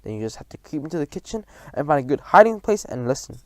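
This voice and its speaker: A man reading a storybook aloud, voicing a calm, determined old grandmother who speaks firmly and properly. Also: a little high, fast, no echo.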